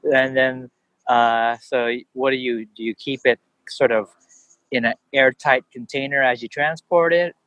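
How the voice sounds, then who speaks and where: A man's voice: mid-range voice, steady tone, measured pace, a bit bright, no room sound, poor audio. A man co-hosting a podcast, asking questions casually and laughing a lot. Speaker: podcast co-host. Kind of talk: casual chat.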